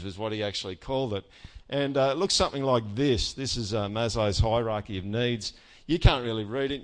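A man preaching a sermon in a conversational way, often checking in with "all right?" and joking about himself. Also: medium pitch. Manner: animated with self-mocking humor. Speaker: pastor.

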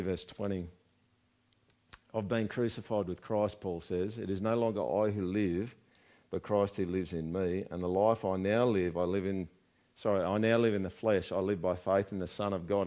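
A man's voice: low voice, steady tone, moderate pace, a little mellow. A man preaching a sermon in a conversational way, often asking the congregation rhetorical questions. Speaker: pastor.

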